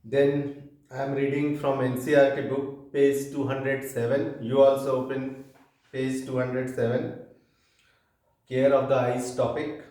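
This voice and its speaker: A man with an Indian English accent teaching a class lecture, reading slowly from a textbook with pauses and fillers. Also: medium pitch, mellow. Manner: slow, reads aloud from a textbook with pauses and fillers. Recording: echoey room from far off.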